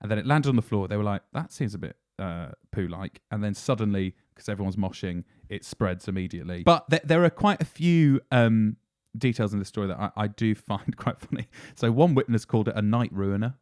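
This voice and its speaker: A man's voice: on the low side, a little fast, a little mellow, no echo, clean studio sound. A man hosting a podcast, telling news stories in a casual, laughing, self-deprecating way. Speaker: podcast host.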